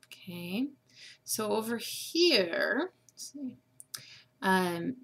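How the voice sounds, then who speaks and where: A woman teacher giving a patient spelling lesson to students over a webcam, slowly sounding out letters and syllables. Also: medium pitch, expressive. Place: room with a whiteboard. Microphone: webcam microphone.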